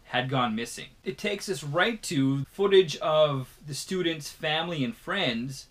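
A man co-hosting a casual horror movie chat, telling the story in a lively, playfully dramatic way. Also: fairly high pitch, unhurried. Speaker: podcast co-host.

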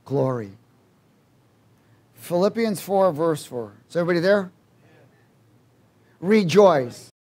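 Male preacher, high pitch, call-and-response sermon, loud exhortation and soft asides. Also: lively intonation, normal speed, pauses often. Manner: swings between loud exhortation and quiet asides.

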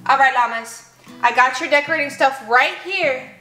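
Bright, high-pitched playful woman vlogger. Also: normal speed, echoey room, faint music behind. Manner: animated, talks to toys and viewers. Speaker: vlogger playing with toy llamas. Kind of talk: playful kids' vlog narration.

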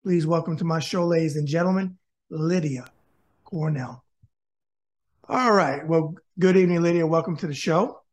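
A man's voice: a little high, normal speed, darkish tone. A man from Westchester County, New York hosting a web interview show with upbeat, showman-style introductions. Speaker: host.

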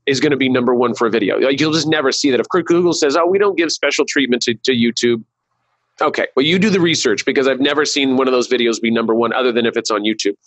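Racing along with hardly any pauses, a male digital marketing consultant in a mid-range voice rambles as a guest on a casual marketing webcast, full of restarts and fillers. The recording is dry and rough.

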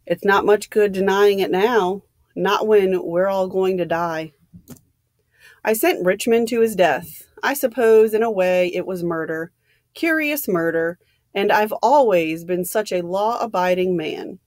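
Old soldier, gentle and grave, low-key; read by a woman. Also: measured pace, dry recording, studio quality, close to an everyday voice. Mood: musing. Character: old male army general, quiet and weary.

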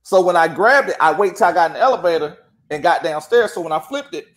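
A man's voice: high-pitched, fast. A man telling a courthouse story in casual chat, acting out the dialogue. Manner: animated, acts out quoted dialogue. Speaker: guest.

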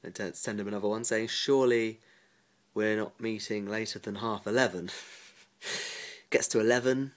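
Speaking into a phone camera at home, a man with a lowish, steady voice vlogs at a normal speed and pauses often. His story rambles in a chatty way, and he laughs a lot and mimics the voices of the people in it.

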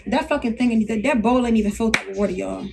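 A woman's voice: on the high side, racing, vocal fry, very noisy. A woman hosting a casual live stream, brash and profane, ranting to her viewers.

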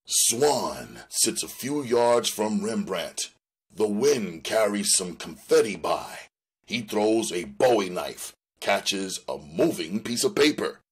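A man reading a screenplay aloud in a measured, descriptive way. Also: lowish voice, sing-song, breathy edge. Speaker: reader.

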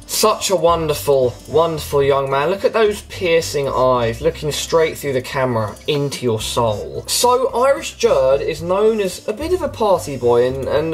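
A man's voice: on the high side, low-quality recording. A man giving playful, teasing commentary while editing photos for a comedy video. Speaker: YouTuber. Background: background music.

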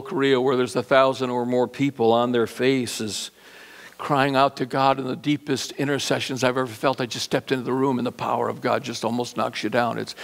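A gravelly-voiced, middle-aged man preaches a sermon in a church sanctuary. He builds each point by repeating words, lurching from loud outbursts to hushed, low-pitched asides.

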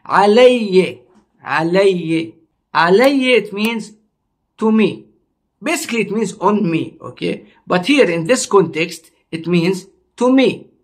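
High-voiced man teaching a language slowly. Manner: slow, repetitive explaining, drawing out words. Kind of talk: online language lesson.

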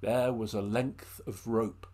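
A man from England telling a folk tale to an audience, expressive and addressing listeners by name. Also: on the low side, takes it slowly. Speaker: storyteller. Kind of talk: oral storytelling performance.

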